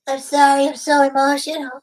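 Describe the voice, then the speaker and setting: Woman, high voice, prank caller: giggly, clingy, overly emotional. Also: completely flat delivery, normal speed, low-quality recording. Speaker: scam baiter posing as a lonely woman. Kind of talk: prank phone call.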